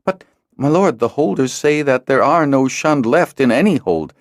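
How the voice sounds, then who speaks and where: A man's voice: fairly low pitch, animated, moderate pace, no echo, clean studio sound, voice pushed up, natural voice. A man reading an audiobook, voicing a miserable male wing leader who pleads and protests. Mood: pleading. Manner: pleading, apologetic. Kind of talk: audiobook character voice.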